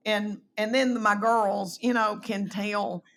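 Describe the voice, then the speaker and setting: A middle-aged woman with a Southern East Tennessee accent spins folksy stories in a relaxed chat. Her pitch sits in an ordinary middle range, and she jumps into animated voices when she quotes people. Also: slow. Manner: animated, folksy storyteller who acts out quotes. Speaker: guest comedian. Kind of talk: storytelling in a casual chat.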